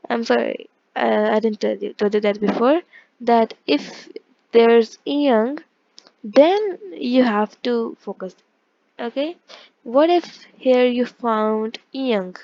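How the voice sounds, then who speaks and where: A woman's voice: on the high side, takes it slowly, gravelly, darkish tone, no room sound, highs cut off. A woman teaching an online language lesson, explaining step by step and often correcting herself mid-sentence. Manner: explains step by step, with frequent self-corrections and fillers.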